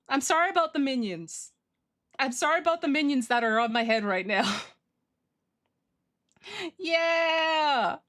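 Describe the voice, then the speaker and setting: A woman livestreaming, chatting casually with her viewers, gushing and excitable as she reads chat. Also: high voice, unhurried, pauses often. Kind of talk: casual stream chat, reading chat.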